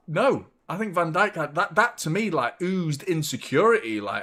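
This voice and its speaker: A man hosting a live football watchalong, chatting casually with animated, sweary banter. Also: on the high side, normal speed, hardly any pauses. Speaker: host of a football fan watchalong.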